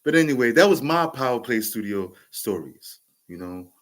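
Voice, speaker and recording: A man's voice: mid-range voice, animated, normal speed, fairly bright tone. A man in his forties with a New York accent, telling a casual, rambling story with frequent restarts and fillers. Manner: rambling, laughs often, many restarts and fillers. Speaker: podcast host telling a story.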